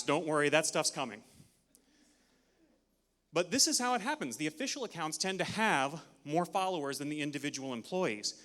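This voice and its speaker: A man giving an energetic, interactive talk at a conference, leading the audience through counts, a little out of breath. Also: on the high side. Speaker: conference speaker. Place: large conference hall. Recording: long hall reverb.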